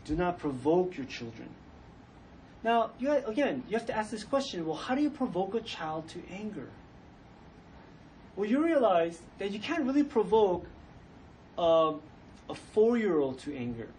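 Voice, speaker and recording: A man's voice: high-pitched, sing-song, normal speed, long pauses, darkish tone, far from the mic, low-quality recording. A middle-aged man preaching a sermon in church, chatty and conversational, acting out the voices of parents and children as he goes. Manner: conversational, acts out quoted voices. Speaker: pastor. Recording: faint noise, voice from off the mic.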